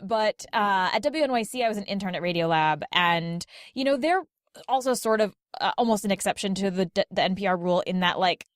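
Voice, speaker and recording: A woman's voice: mid-range voice, animated, fairly quick, dry recording. Chatty woman, dry close sound. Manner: chatty, heavy use of "like" and "um", laughs often. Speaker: guest podcaster. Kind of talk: casual chat.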